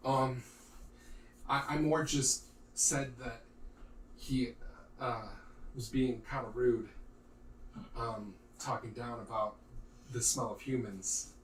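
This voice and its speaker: A man's voice: mid-range voice, steady tone, takes it slowly, long pauses, lightly acted. A man voicing a shy, wounded young human man who stammers and hesitates when he talks. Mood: nervous. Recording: roomy, distant mic, faint noise.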